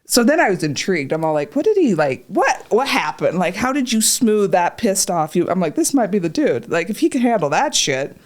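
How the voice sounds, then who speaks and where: A woman's voice: mid-range voice, a little fast, hardly any pauses. A woman telling a long story in casual chat, swearing freely and acting out what people said. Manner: profane, animated, acts out voices in quotes. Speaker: podcast guest, patient.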